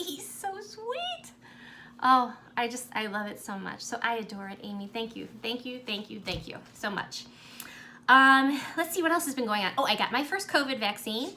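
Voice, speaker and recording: Bright-voiced gushing woman stitching vlogger. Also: a little high, a little hiss or hum. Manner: gushing, sentimental, warmly grateful; chatty with frequent ums. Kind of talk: casual chat to camera.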